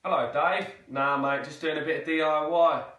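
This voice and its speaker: A man's voice: a little high, fairly even intonation, normal speed, fairly bright tone, reverberant, far from the mic, pitched above the performer's own voice, close to an everyday voice. A man voicing an easygoing East London man doing DIY, with an East London accent. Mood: breezy.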